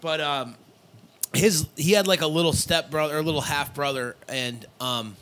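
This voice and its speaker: A man's voice: on the high side, normal speed, a bit bright. A man in casual chat as podcast co-host, rambling and swearing, with many fillers.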